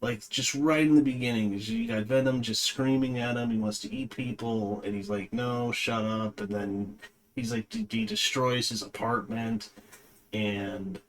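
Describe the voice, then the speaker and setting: A man's voice: lowish voice, fairly even intonation, normal speed. A man reviewing a movie in a casual, rambling way, with lots of fillers and a dismissive tone.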